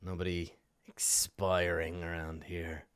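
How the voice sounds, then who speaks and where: A man voicing a surly, grinning middle-aged man in a cloak in a tabletop game, speaking in a gruff mutter. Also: deep voice, completely flat delivery, slow, a bit bright, no room sound, studio quality, voice pushed down.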